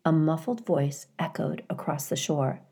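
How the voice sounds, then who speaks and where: A woman reads a children's novel aloud, taking her time over each line. Her voice sits low and her storytelling is slow and careful. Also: vocal fry, dark tone, slightly rough. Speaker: reader.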